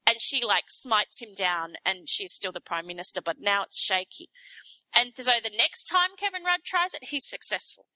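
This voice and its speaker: An Australian woman talks casually with a bright, ringing tone that sits a little high. She tells an animated story and slips into mock voices for the people in it. The sound is dry and close. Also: moderate pace, no room sound, low-quality recording. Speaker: guest explaining local politics. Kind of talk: casual chat.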